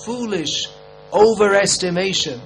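A man's voice: high voice, unhurried, gravelly, soft background music, rough recording. A man in his fifties giving a conversational sermon as a spiritual teacher, wry and rhetorical, posing questions and answering them himself.

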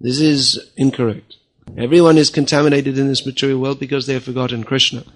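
A man's voice: mid-range voice, level tone, fast talker. A man delivering a religious lecture in a firm, scolding manner. He often quotes others in mock voices. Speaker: spiritual teacher.

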